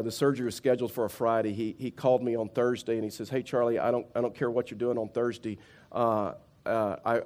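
A man preaching a sermon earnestly, repeating phrases for emphasis and building intensity as he tells a personal story. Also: medium pitch. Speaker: pastor.

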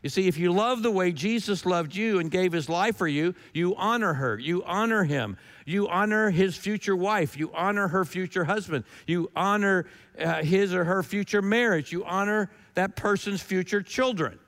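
High-voiced man preaching in a reverberant hall. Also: moderate pace, a bit bright. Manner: emphatic, repeats key lines, rhetorical questions. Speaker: pastor. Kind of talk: sermon.

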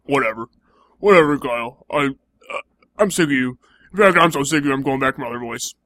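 A man's voice: medium pitch, lively intonation, fast, pushed and bright, no room sound. A young man in improvised comedy banter, teasing and playfully mocking.

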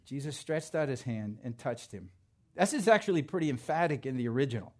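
A male pastor preaching a sermon to his congregation, swinging from quiet asides to loud, emphatic declarations. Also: mid-range voice, expressive, fairly quick.

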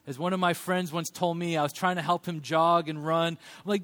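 A pastor in his thirties delivers a sermon in a fairly high, lively voice. He mixes humor with earnest teaching and swings his voice into little acted quotes. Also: fast talker, few pauses.

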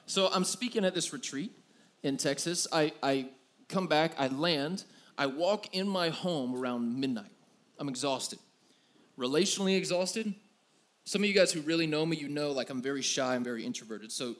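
Man in his thirties, preacher, slightly high voice, candid and rambling, self-deprecating. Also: normal speed, fairly bright tone. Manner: candid, self-deprecating storytelling with many fillers. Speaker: youth pastor. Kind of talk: sermon.

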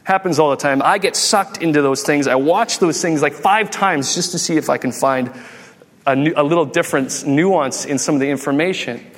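Animated male preacher in a reverberant hall. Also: fairly high pitch, moderate pace. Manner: animated, jokey, acts out quotes. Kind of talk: humorous sermon storytelling.

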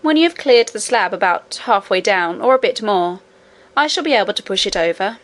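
Storybook miner boy, brisk and hushed, as a woman reads him. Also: mid-range voice, lively intonation, natural voice. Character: young miner boy, practical and hurried.

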